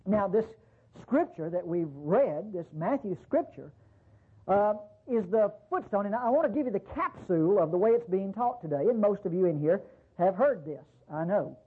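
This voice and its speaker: A man's voice: high-pitched, animated, moderate pace, breathy edge. A man preaching a sermon in a folksy way, with rhetorical questions and frequent restarts. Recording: tinny phone-like recording.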